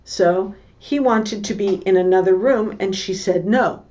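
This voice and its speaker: A middle-aged woman teaching a lesson, telling a family story slowly and deliberately and acting out the voices of the people in it. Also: medium pitch, dark tone. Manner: slow, deliberate, acts out the voices in her story. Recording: dull lo-fi recording.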